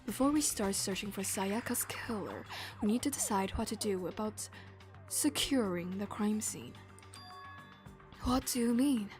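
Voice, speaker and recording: A woman voicing a calm, cool teenage girl detective in a deliberately low, monotone voice. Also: faint music behind.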